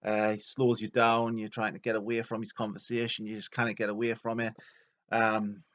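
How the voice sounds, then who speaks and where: A man's voice: lowish voice, completely flat delivery, moderate pace, fairly bright tone, highs cut off. A man telling a comedic story, joking along and putting on silly voices for the people he quotes. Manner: jokey, puts on silly voices for quoted characters. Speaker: video narrator.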